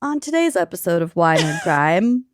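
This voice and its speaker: A woman's voice: lowish voice, very animated, moderate pace, no room sound. Wry woman podcast co-host, dry sound. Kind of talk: casual chat.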